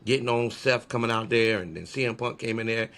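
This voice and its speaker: A man in casual podcast chat, talking in an animated, rambling way with a mid-range voice. He laughs often and keeps the talk loose and conversational. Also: medium pitch, a little fast. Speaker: podcast co-host.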